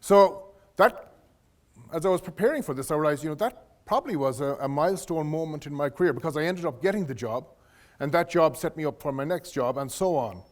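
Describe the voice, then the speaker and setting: Man, middle-aged, guest lecturer, leadership talk, slightly high voice, storytelling, restarts phrases. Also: animated, fairly quick. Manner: anecdotal, restarts phrases, addresses audience directly. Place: lecture hall.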